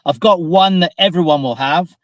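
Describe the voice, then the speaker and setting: A man's voice: on the high side, normal speed, no room sound, dull audio. A man talking in a casual podcast discussion, hesitant and polite, with some stammering. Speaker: podcast panelist.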